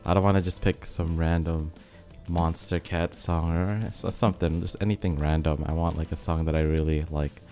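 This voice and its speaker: A young man giving relaxed, rambling commentary over a game, his voice a bit rough from being sick. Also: low voice, moderate pace. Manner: rambling, filler-heavy, laid-back. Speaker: gaming video host. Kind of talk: casual commentary over gameplay. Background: faint background music.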